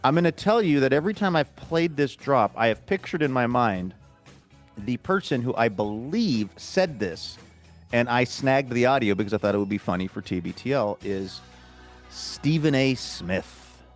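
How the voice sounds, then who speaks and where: Male show host, mid pitch, relaxed jokey banter, faint music bed. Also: normal speed. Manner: easygoing, joking, rambling. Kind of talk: casual chat.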